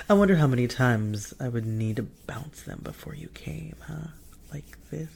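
A woman performing a whispered role-play, teasing and commanding, with frequent soft laughs. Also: rumbling low, expressive, unhurried, creaky, a little hiss or hum. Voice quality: often whispered.

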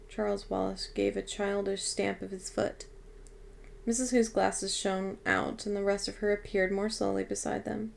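Woman reader with a heavily gravelly voice, steady audiobook narration. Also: mid-range voice, normal speed. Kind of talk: audiobook reading.

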